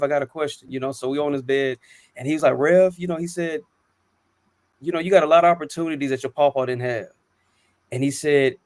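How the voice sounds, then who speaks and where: A man's voice: medium pitch, dry recording. A man in his thirties telling personal stories on a panel talk show, earnest and reflective, with frequent ums and restarts. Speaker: co-host.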